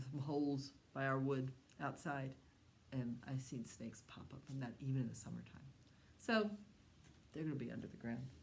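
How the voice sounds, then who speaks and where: Low-voiced woman leading a children's storytime. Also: a little hiss or hum. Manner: animated, coaxing voice for young children, often dropping to a hushed whisper; asks the children questions and invites them to join in. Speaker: children's librarian.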